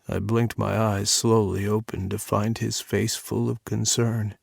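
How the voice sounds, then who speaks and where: A man narrating a first-person audiobook in a measured, intimate reading on a close studio mic. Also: lowish voice, level tone, gravelly, a little mellow, no room sound.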